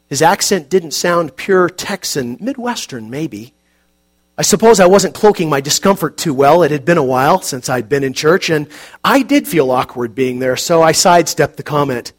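A man calmly narrating an audiobook in a measured, quiet, reflective way. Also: on the high side.

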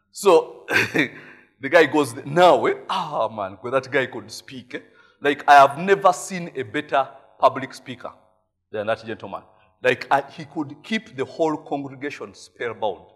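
A middle-aged Ugandan pastor preaching a sermon in a chatty way, laughing often and tagging his sentences with "eh?". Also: mid-range voice. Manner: chatty and laughing, frequent tag "eh?".

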